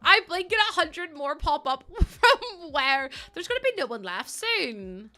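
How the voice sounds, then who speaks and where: A woman's voice: high voice, big pitch swings, a little slow, sharp tone, faint music behind. A young woman chatting casually with her live-stream viewers, bubbly and giggly. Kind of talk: casual live-stream chat while playing.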